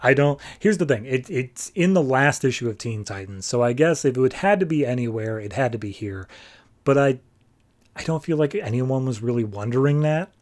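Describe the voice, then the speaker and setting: A man hosting a podcast, casually reviewing and recapping comics in a chatty, filler-heavy way, slipping into quick offhand character voices. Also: mid-range voice, animated.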